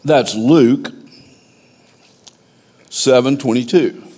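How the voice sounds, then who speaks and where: A man preaching an informal sermon, conversational and animated, with stammering restarts. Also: mid-range voice, drawn-out words. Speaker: pastor.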